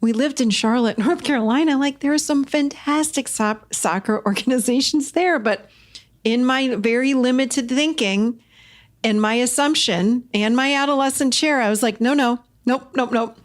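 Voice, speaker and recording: A middle-aged woman hosting a casual solo podcast, animated and expressive, swinging between bright emphasis and low confiding asides. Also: normal speed. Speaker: podcast host.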